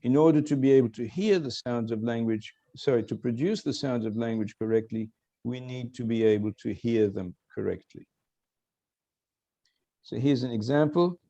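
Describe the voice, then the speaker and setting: An older man lecturing online as a professor, explaining slowly and quizzing his students. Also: medium pitch, warm tone, highs cut off. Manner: explanatory, questioning students, self-correcting.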